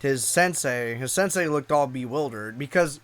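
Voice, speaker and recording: A man's voice: medium pitch, moderate pace, fairly bright tone. A man casually telling a personal story, rambling and profane, with lots of restarts. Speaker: YouTube streamer.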